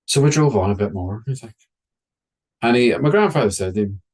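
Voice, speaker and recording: A man telling a story in a wry, conversational way, slowing down for dramatic moments. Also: medium pitch, expressive, darkish tone. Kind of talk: oral storytelling.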